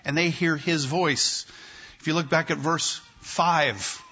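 A male pastor preaching a sermon to his congregation, emphatic and repetitive, with slow deliberate pauses. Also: fairly high pitch, fairly even intonation, pushed and bright, slightly rough. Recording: dull lo-fi sermon recording.

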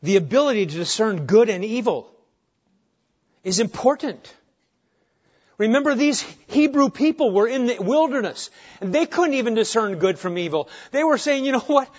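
Animated middle-aged male pastor preaching. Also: high voice, normal speed, pauses often. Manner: animated, swings from hushed asides to loud emphatic points. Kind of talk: sermon. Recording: dull lo-fi sermon recording.

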